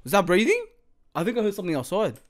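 A man's voice: sits high, wildly swooping pitch, fast talker. Jumpy man swearing through a horror game. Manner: jumpy, swears a lot, panicky outbursts. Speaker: gaming channel host. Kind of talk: horror game let's play commentary.

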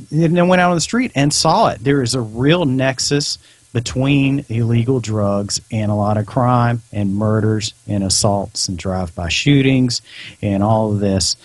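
A man's voice: medium pitch, normal speed, no echo. A man, a former police officer, speaking as a guest on a podcast and explaining his views earnestly and at length. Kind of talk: casual discussion.

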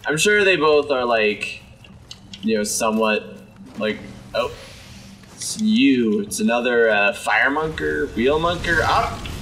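Let's-play host, young man, slightly hoarse; bright, animated delivery, faint ambience behind. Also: medium pitch, slow pace, pauses often, recorded from a distance, a little hiss or hum. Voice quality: sore voice. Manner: chatty, exclaims and talks to enemies. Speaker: gameplay commentator.

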